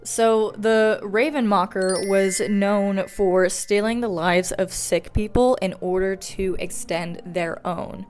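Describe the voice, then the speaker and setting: A woman's voice: medium pitch, steady tone, takes it slowly, hardly any pauses, a little mellow, faint music behind, poor audio. A young woman telling folklore on her vlog in a loose, profane, self-mocking way. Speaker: folklore vlogger. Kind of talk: casual storytelling vlog.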